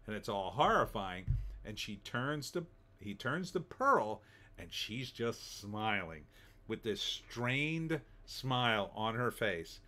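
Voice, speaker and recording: A man's voice: fairly low pitch, big pitch swings, takes it slowly, pushed and bright. A middle-aged man giving a casual, rambling spoken movie review, full of fillers and restarts. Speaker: film reviewer.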